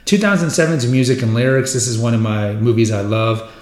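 A male podcast host talks through an actor's films in a loose, rambling, enthusiastic chat. His voice sits at an ordinary middle pitch. The room around him rings with a noticeable echo. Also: brisk. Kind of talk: casual film retrospective chat. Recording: roomy echoey room sound.

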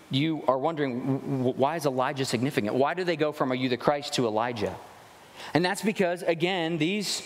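A man preaching a sermon as a pastor, conversational and animated, acting out the questions he quotes. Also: a little high, big-room sound.

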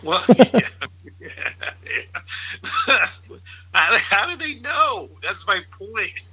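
A middle-aged man with a husky, very bright voice talks through politics in loose, rambling chat. He sounds incredulous and laughs often, circling back on his points. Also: high-pitched, very animated, drawn-out words, rough recording.

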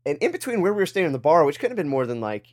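Young male podcast co-host, a touch high-pitched, loose and rambling, laughs easily. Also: big pitch swings, racing. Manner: rambling, laughs loudly at punchlines. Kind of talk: casual storytelling chat.

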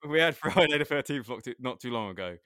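A man's voice: medium pitch, expressive, fast talker, pushed and bright, clear, resonant tone, no echo, studio quality. A man, chatting casually as a podcast co-host, swearing constantly and laughing often as he tells a story. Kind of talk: casual chat.

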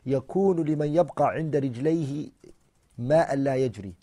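A man with a medium-pitched, warm voice delivers a religious lesson at a rapid-fire pace. As an Islamic teacher, he reads out points one after another and explains them, alternating English with Arabic readings and regularly asking his listeners questions.

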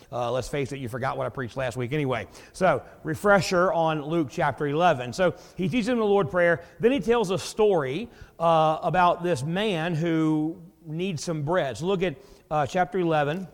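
A man's voice: a little high, normal speed, big-room sound. A man preaching a sermon in a folksy, joking, conversational way. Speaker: pastor.

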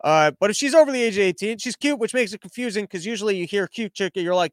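A man's voice: high-pitched, quick pace, few pauses, no room sound. A man hosting a podcast, ranting through political commentary in a sarcastic, profane, mocking way. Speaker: podcast host.

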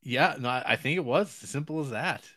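A man's voice: mid-range voice, animated, fairly quick, bright, forceful tone, dry recording. A man chatting casually on a podcast, easygoing and laughing often. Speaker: podcast co-host. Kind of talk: casual chat.

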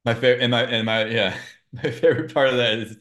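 A man's voice: medium pitch, brisk, a bit bright. A man co-hosting a podcast who casually prompts his partner and retells his partner's stories back to him. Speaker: podcast co-host. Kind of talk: casual interview chat.

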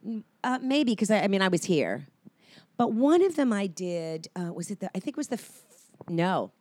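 A woman's voice: mid-range voice, sing-song, normal speed, a little mellow, no room sound. A woman actress telling stories as a guest on a casual interview show, rambling with many ums and restarts.

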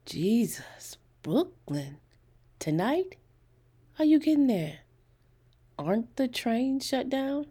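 A woman voicing a friendly young male college student from the South in an audiobook, with a husky, gravelly voice and casual, chatty speech. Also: lowish voice, expressive, unhurried, warm tone, full character voice. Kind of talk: audiobook character reading.

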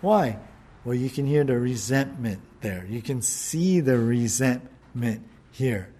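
A man's voice: expressive, slow pace, mellow, husky. A man preaching a sermon, reading scripture aloud and explaining it in a conversational, emphatic way. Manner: emphatic, acts out quoted lines with rising pitch; conversational with filler words and restarts.

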